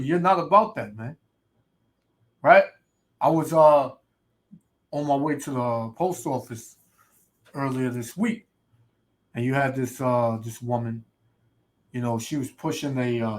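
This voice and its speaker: A man preaching in a ranting way, reading scripture slowly and adding "man" and "right" to nearly every line. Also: mid-range voice. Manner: reads scripture slowly and loudly. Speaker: street preacher. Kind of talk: ranting sermon video.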